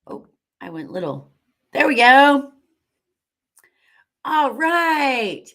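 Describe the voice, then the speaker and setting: A woman's voice: sits high, big pitch swings, very slow, pushed and bright. A middle-aged woman hosting a live stream into her webcam, bubbly and enthusiastic, greeting viewers and cheering with whoops. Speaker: livestream host.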